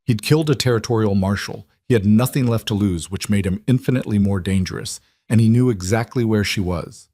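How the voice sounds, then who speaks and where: A man narrating a western story in a measured, dramatic way. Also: lowish voice, warm tone, no echo, studio quality. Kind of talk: scripted narration.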